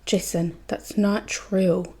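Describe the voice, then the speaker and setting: A woman reading a gentle, steady father. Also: mid-range voice, slightly rough. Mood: earnest. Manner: calm, measured and reassuring. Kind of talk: podfic reading.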